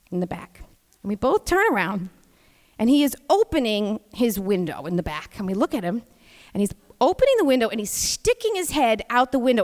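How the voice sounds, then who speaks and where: A woman from New York with a New York accent, hosting and telling a comic story on a live stage with many chatty asides. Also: a little high. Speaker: host and storyteller. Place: theater stage. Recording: reverberant live theater sound.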